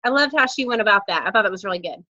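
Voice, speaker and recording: Chatty woman team leader, bright voice, dry dull call audio. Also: mid-range voice, rapid-fire, no room sound. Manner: chatty, candid, lively storytelling. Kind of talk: casual coaching talk on a video call. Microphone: laptop video call mic.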